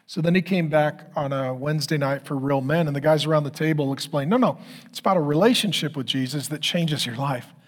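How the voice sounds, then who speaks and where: A man's voice: fairly high pitch, a little fast. A man preaching as a pastor, telling a story with emphatic lists, then closing in prayer. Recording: long hall reverb.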